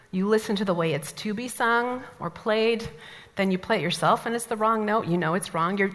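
A woman from the American Midwest teaching a Bible study, telling stories with lively asides. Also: mid-range voice. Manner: animated storytelling, lively asides. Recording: long hall reverb.

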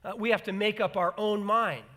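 Guy giving a sermon, high voice, bright and punchy, really animated. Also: a little fast. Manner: animated, acts out quoted voices, emphatic repetition. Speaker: pastor.

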